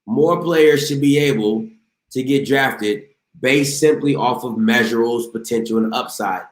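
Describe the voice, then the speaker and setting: Male call-in host, relaxed drawl, mid-pitched, roomy echo. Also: unhurried. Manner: laid-back, drawling, with exclamations. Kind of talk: casual call-in talk.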